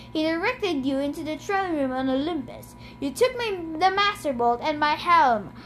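A woman's voice: extremely high pitch, fairly bright tone, slight background noise, voice pushed up. Hades, a woman reading an aggrieved god of the dead. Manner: indignant, bellowing, grumbling. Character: male god of the dead, angry, complaining.

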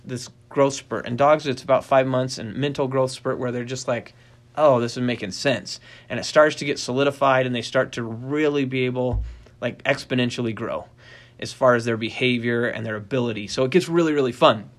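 A middle-aged man giving a casual talk on dog training. He tells stories with energy, often restarts his sentences and uses many fillers. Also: a little fast. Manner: animated storyteller, acts out quoted voices in a high pitch; rambling with frequent restarts and fillers.

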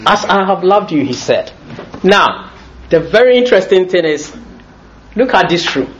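Lively, laughing male preacher. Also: high-pitched, moderate pace, dull audio, slight background noise. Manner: lively, jokey, often laughing as he talks. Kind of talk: sermon.

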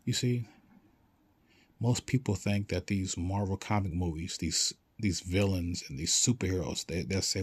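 A man delivers a loose, animated motivational monologue, swearing casually and acting out quick exchanges. His voice sits low and has a slightly husky edge. He urges and exclaims rather than lectures.

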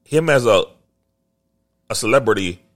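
A young adult man co-hosting a podcast in casual chat, a profane, animated storyteller. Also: fairly low pitch, a little slow. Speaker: podcast co-host.

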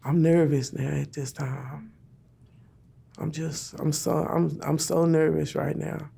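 A woman's voice: sits low, level tone, slow pace, gravelly, dark tone, husky. A woman telling an emotional personal story in plain, repeated phrases, speaking her prayers aloud.

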